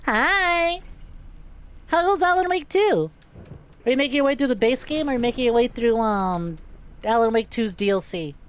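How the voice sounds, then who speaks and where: A woman's voice: fairly high pitch, brisk, clear, resonant tone. A woman streaming a game, greeting her chat by name, swearing freely and laughing often. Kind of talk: casual livestream chat while gaming.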